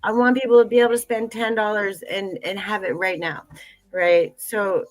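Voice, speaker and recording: A woman's voice: medium pitch, steady tone, moderate pace, no room sound, poor audio. A middle-aged woman talking earnestly in a livestream conversation, repeating phrases and using many fillers. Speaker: tea business founder, guest.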